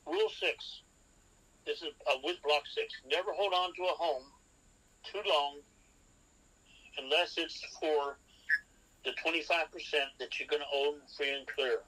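Guy with a bright punchy voice, kinda high, walking a podcast host through real estate rules, lots of "okay?". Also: a little slow, pauses often, rough recording. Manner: instructive, lays out numbered rules and checks in with "okay?". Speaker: real estate expert guest. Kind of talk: podcast interview, seminar-style advice.

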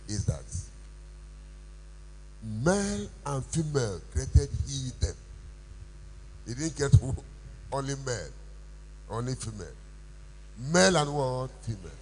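Preaching man, slow and animated. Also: medium pitch, a little hiss or hum, rough recording. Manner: call-and-response preaching, rising to shouts. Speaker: pastor. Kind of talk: sermon. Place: church.

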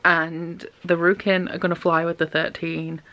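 Chatty young woman, low-pitched, gushing. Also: flat delivery, normal speed, gravelly, a bit bright, lo-fi sound. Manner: chatty, gushing, says "like" a lot. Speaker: book vlogger. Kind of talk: casual book diary chat.

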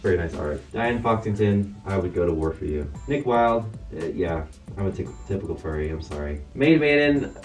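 A man's voice: sits low, expressive, moderate pace, distant mic, faint music behind. A young man giving a casual, joking tier-list commentary as a YouTuber, playful and self-mocking.

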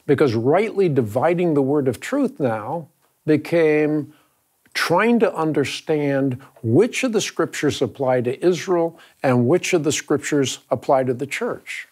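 A man's voice: a little high, lively intonation, a little slow, darkish tone. A man hosting a round-table discussion, explaining earnestly and emphatically, often repeating words as he restarts. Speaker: host.

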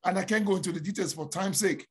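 A man's voice: sits high, quick pace, slightly rough. A man with a Nigerian accent, a pastor giving a fervent, emphatic prophetic sermon. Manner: fervent, emphatic preaching with rising declarations.

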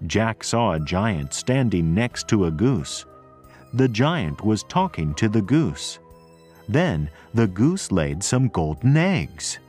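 Man, storybook narrator, low voice, lively intonation. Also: soft background music. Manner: clear, deliberate, expressive reading. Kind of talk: slow read-aloud storybook narration.

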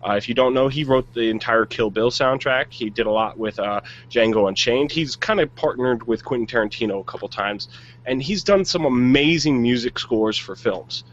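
A man's voice: medium pitch, normal speed, dull audio, slight background noise. A man co-hosting a podcast, chatting casually and giving blunt, jokey opinions on movies. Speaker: podcast co-host. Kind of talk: casual chat.

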